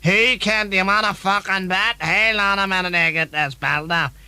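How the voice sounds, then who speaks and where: A man voicing a loud, crude middle-aged woman in a comedy sketch. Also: sits high, fairly even intonation, moderate pace, clean tone, no room sound. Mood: brazen. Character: brash foul-mouthed Belfast woman in the audience. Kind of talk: comic sketch acting.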